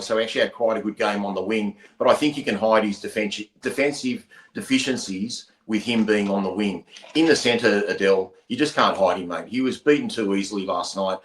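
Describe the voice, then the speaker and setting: An Australian man hosts a casual fan podcast, speaking bluntly in a matey way with a lowish voice. His sound carries a noticeable roomy echo. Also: fairly bright tone. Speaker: podcast host.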